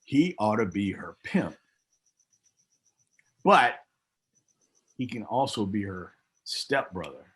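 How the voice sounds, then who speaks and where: A man's voice: slow pace, long pauses, slightly rough. A middle-aged former wrestler, a man, telling stories in a casual interview, acting out other people's lines with big jumps in his voice. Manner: animated storyteller, acts out quotes with big pitch jumps. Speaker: guest, former pro wrestler.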